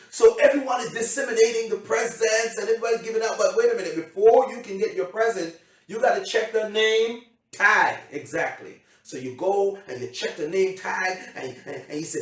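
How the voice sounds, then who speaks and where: A man's voice: high-pitched, fairly quick, a bit bright. A man giving an emphatic motivational seminar talk as a coach, often repeating himself and checking that his audience understands. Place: seminar room. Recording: heavy echo, from a distance.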